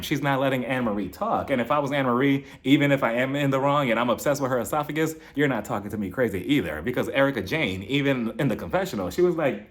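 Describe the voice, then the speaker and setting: A man casually recapping a reality TV episode, animated and gossipy, laughing often as he retells the drama. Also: medium pitch, quick pace, hardly any pauses.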